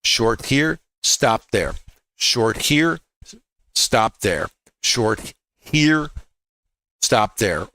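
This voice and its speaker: Emphatic man teaching trades, bright voice. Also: lowish voice, no room sound, rough recording. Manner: emphatic, repeats key words, asks rhetorical questions. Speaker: trading educator. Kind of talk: live trading chart walkthrough.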